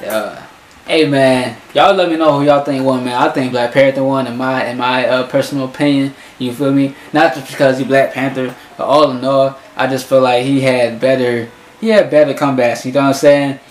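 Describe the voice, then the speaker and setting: A man's voice: medium pitch, steady tone, normal speed, a little hiss or hum. A man hosting a casual YouTube reaction video, talking in slang and often checking in with his viewers. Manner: slangy, keeps asking "you feel me". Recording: roomy room with clear music.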